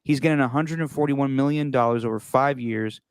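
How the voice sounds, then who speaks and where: A man's voice: mid-range voice, a little fast, smooth, dry recording. A young man hosting a casual sports podcast, loose and joking, swearing freely and laughing easily. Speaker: podcast host.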